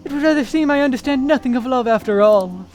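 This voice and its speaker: A dreamy, self-important young painter who speaks in lofty, ornate sentences, voiced by a man reading game lines aloud. His voice sits very high, with faint music underneath. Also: animated, fast. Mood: pensive. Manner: theatrical, flowery formal speech. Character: pompous young male artist, grandiose and dreamy.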